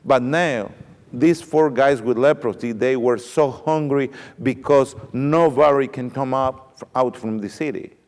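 A man preaching a sermon, retelling a story with animated, repetitive emphasis. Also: medium pitch, unhurried. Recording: long reverb of a hall.

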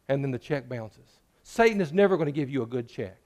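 Male pastor, sermon, conversational and joking, loud then hushed, slightly high voice. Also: big pitch swings, fast, hardly any pauses. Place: church.

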